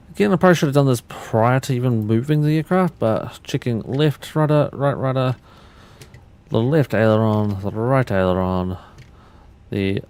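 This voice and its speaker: His voice is mid-range, creaky, and a little mellow. He livestreams casual commentary, walking through cockpit steps, chatting loosely with viewers, and restarting sentences often.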